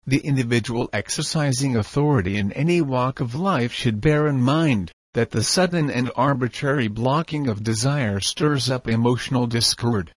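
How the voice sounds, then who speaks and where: A man reads formal nonfiction aloud at a measured, even pace. His voice sits in an ordinary middle pitch. The recording is dry, with no room sound around him. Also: no echo. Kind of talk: reading a nonfiction text aloud.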